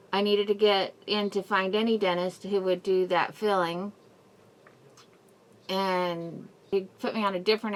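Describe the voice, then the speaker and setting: A woman's voice: fairly low pitch, fairly bright tone. A woman vlogging a personal update, rambling and apologetic, in pain and near tears. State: in mouth pain, crying at times. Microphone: camera mic, wearing a face mask.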